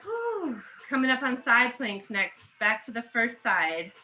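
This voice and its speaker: A woman's voice: fairly high pitch, very animated, unhurried, pushed and bright, echoey room. A young woman coaching a home workout, out of breath and encouraging, cheering between sets. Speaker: fitness instructor. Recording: dull lo-fi audio with faint music.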